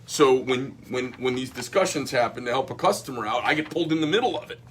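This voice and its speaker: A man's voice: medium pitch, quick pace. Blunt rambling man reading emails. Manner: blunt, rambling, animated asides. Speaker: knife company owner. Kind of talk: casual chat reading emails aloud.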